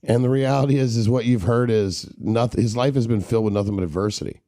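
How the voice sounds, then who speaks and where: A man's voice: medium pitch, fast, warm tone, no room sound, studio quality. A man hosting a podcast interview, blunt and profane, challenging listeners directly with motivational talk. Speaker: podcast host.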